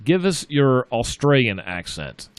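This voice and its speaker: A man's voice: medium pitch, sing-song, a little slow, clear, resonant tone, dry recording. Rambling talk-show host man, dry studio sound. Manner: rambling, repeats himself, plugs local events. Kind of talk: casual chat. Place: local radio studio.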